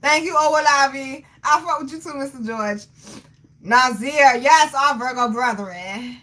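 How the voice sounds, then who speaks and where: High, bright woman in her thirties, brash livestream host, loud, swearing, quick to laugh. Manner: animated, loud, laughs often, salty slang. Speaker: livestream host reading chat. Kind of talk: casual chat.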